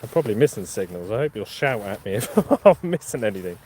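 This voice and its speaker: A man with a Norfolk accent hosts a live stream from an open field, talking casually and answering his viewers' chat. His voice sits fairly low. Clear outdoor noise, with birds and a passing vehicle, runs under him. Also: sing-song, quick pace, dark tone. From Norfolk, England. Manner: chatty, answers viewer chat, chuckles often. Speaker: metal detecting channel host.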